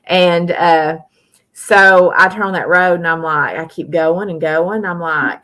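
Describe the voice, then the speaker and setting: A woman's voice: lowish voice, measured pace, a bit bright. A middle-aged woman hosting a live stream, telling a rambling, folksy story full of "uh" and "you know". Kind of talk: casual storytelling chat.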